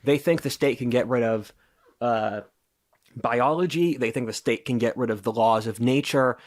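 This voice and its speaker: A man's voice: medium pitch, moderate pace. A man who is a podcast guest, explaining his views in an assertive, lecturing way during casual interview talk.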